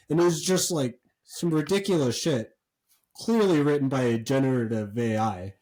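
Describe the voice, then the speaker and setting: A man co-hosting a podcast, telling a story in a rambling, animated way with lots of fillers and swearing. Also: medium pitch, normal speed, poor audio. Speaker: podcast co-host. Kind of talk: casual chat.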